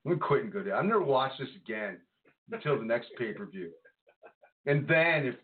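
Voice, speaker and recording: A man co-hosting a podcast, chatting casually about wrestling in an animated, exasperated way. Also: medium pitch, fairly quick. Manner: animated, exasperated ranting, breaks into laughter. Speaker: podcast co-host. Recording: tinny phone-like audio.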